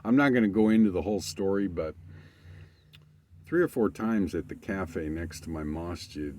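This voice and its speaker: Brief: low-voiced man, swearing a lot, loose and emphatic storytelling. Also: normal speed, darkish tone, slight background noise. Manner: profane, emphatic rambling. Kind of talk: casual monologue.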